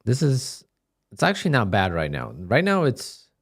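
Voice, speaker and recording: A man casually chatting on his live day-trading stream, relaxed and talkative, reading viewer questions aloud and answering them. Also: medium pitch, normal speed. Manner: laid-back, chatty, reads chat questions aloud.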